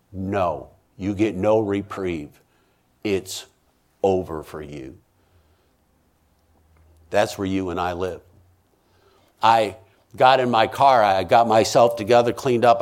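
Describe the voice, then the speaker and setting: Intense preaching man telling a testimony. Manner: intense, swings from loud pleading to hushed low tones; repeats and restarts phrases for emphasis. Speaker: minister giving a testimony. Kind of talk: emotional testimony storytelling.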